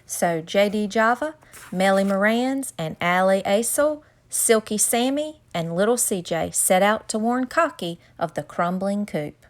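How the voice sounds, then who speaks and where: A woman's voice: medium pitch, expressive, unhurried. A woman reading a children's picture book aloud with dramatic, suspenseful narration. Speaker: storyteller. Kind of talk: storybook read-aloud.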